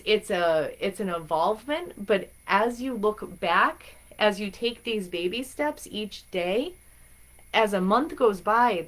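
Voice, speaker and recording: A woman chatting in a bubbly, rambling way as she hosts a live stream of spiritual guidance. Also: medium pitch. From Massachusetts. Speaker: spiritual reader and stream host.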